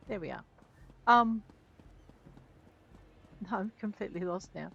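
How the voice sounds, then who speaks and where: A woman's voice: medium pitch, animated, takes it slowly, vocal fry, pauses often, fairly bright tone, slightly rough. A woman giving chatty, self-mocking commentary while playing a video game, talking back to the characters. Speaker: let's play gamer. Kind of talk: casual gameplay commentary. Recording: dull lo-fi mic with game music.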